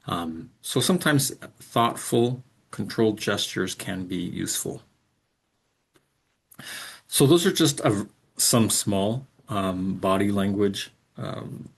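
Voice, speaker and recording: A man with a fairly low, gravelly voice that carries a husky edge. He explains things in a measured lecturing way and pauses often on "um". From English speaker. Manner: measured, explanatory, frequent "um" fillers. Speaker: instructor. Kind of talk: recorded lecture.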